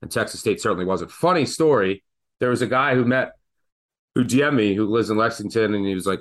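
Joking sports betting podcast host. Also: male voice, lowish voice, fast talker. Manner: animated, joking storyteller. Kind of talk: casual sports betting chat.

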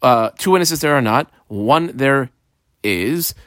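A man's voice: medium pitch, expressive, slow, fairly bright tone, no echo. A man teaching a study lesson, reading each line of the text aloud and then explaining it step by step. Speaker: Talmud teacher.

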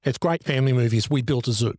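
A man, co-hosting a film podcast in casual chat and acting out quotes with animated voices. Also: fast talker, no echo, studio quality. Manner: animated storyteller, jumps higher acting out quotes. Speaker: podcast co-host.

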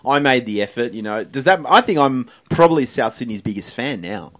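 A man's voice: medium pitch, very animated, brisk, fairly bright tone. An Australian man in his twenties, hosting a casual podcast chat, joking and laughing often. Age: 20s.

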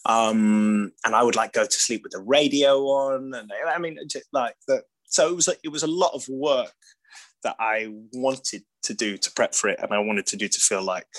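A man's voice: medium pitch, normal speed, poor audio. An English man being interviewed as an actor, talking in a rambling, casual way with lots of "like", restarts and laughter. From Britain. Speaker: actor guest.

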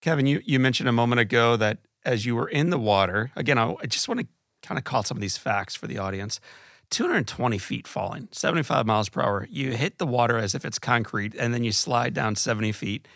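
Measured male interview host, dry sound. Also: medium pitch, expressive, vocal fry, fairly bright tone, dry recording. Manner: measured, recaps facts for the audience. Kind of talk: interview questions.

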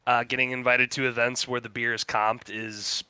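A young man co-hosts a podcast, chatting casually in a laid-back, rambling way full of fillers. His mid-range voice is clean and sharp in tone, with a flat delivery at a moderate pace and no room sound.

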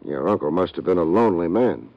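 A wry, low-voiced private eye. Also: male voice, expressive, quick pace, gravelly. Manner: wry, dry wisecracks. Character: wry male private detective, hard-boiled. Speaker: narrator and detective. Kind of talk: 1950s radio drama acting. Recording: dull lo-fi old radio recording.

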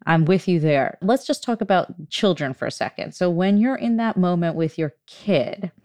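Woman, host, lowish smooth voice, dry close sound, candid, conversational. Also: lively intonation, moderate pace, darkish tone, no echo. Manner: conversational, candid, laughs at herself. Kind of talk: casual interview chat.

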